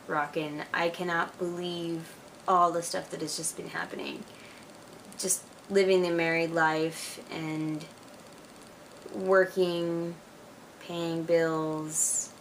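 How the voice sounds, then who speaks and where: A young woman in her twenties talking casually to a friend in a home video, chatty and excitable, with lots of "like" and "you know". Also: fairly low pitch, distant mic, slight background noise. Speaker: vlogger. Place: at home, alone.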